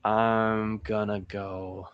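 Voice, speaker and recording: A man's voice: lowish voice, little pitch movement, extremely slow, smooth, muffled recording. A young man hosting a solo mock draft breakdown, thinking aloud with hesitant restarts. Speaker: sports channel host.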